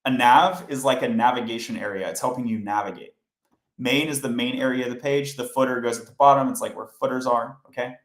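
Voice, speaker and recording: Casting note: male livestream coding host, mid-pitched, casual and explanatory, recorded in a roomy space. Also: a little fast. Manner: chatty, explains step by step, talks to chat. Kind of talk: casual live coding tutorial. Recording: roomy echo.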